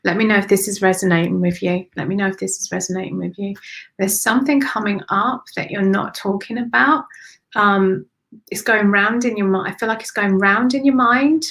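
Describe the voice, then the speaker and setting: A woman's voice: medium pitch, steady tone, brisk, fairly bright tone, rough recording. A woman spiritual medium giving a live-streamed psychic reading to viewers, affectionate and repetitive, calling them darling and honey.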